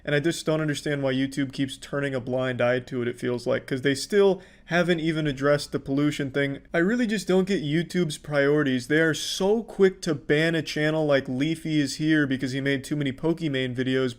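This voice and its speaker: A young man giving a casual commentary monologue in a deadpan, flat delivery, swearing often. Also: on the high side, moderate pace, hardly any pauses. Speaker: commentary YouTuber.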